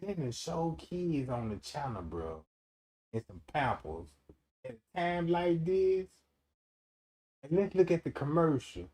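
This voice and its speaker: A man doing a loud comedic livestream rant, animated and profane, laughing often and acting out quotes in different voices. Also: fairly high pitch, unhurried, long pauses. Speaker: streamer.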